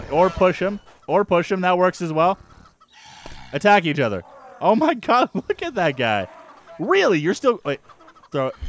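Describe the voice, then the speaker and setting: A man hosting a let's-play, giving excitable, jumpy commentary and yelping at surprises. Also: a little high, a little hiss or hum. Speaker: gaming channel host.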